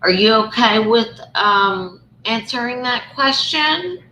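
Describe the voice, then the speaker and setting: A woman with a Southern US accent hosts a casual live chat. She speaks very slowly and carefully, with a bright voice. The sound bounces around an echoey room. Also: on the high side, lively intonation, a little hiss or hum. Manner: slow and careful, hesitant. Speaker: live stream host.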